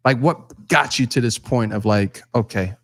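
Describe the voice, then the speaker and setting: Male talk-show host, calm interviewer, mid-range voice. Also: medium pitch, normal speed. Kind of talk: casual talk show conversation.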